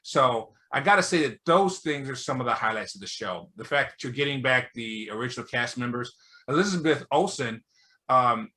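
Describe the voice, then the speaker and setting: A man's voice: medium pitch, expressive, normal speed, pushed and bright. A man co-hosting a review show, chatting casually and opinionated, thinking aloud with lots of fillers. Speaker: movie review show co-host.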